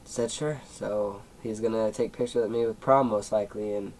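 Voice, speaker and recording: A man's voice: on the low side, flat delivery, normal speed, darkish tone, a little hiss or hum, rough recording. A seventeen-year-old young man telling a personal story in a casual vlog, rambling with many fillers and at times emotional. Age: teens. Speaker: YouTuber.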